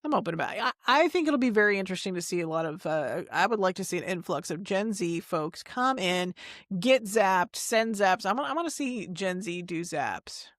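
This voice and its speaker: A woman's voice: medium pitch, animated, fairly quick, no echo, studio quality. A woman co-hosting a podcast, chatting casually and animatedly with frequent restarts. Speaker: podcast co-host. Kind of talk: casual chat.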